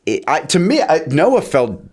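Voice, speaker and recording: A man's voice: a little high, huge pitch swings, moderate pace, darkish tone, breathy edge. Chatty man rambling as a podcast guest. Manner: rambling, searching for words mid-sentence. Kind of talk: casual chat.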